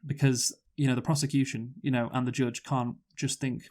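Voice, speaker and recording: A man's voice: mid-range voice, level tone, a little mellow. Thoughtful man discussing a film. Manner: thoughtful, measured, hedging with "you know". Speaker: podcast co-host, film reviewer. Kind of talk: casual film review chat.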